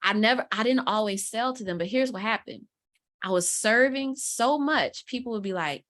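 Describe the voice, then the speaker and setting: A woman's voice: on the high side, normal speed. A woman, a guest mentor telling a story in casual interview talk, acting out quotes as she goes. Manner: animated storyteller, acts out quotes. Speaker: guest mentor, content strategist.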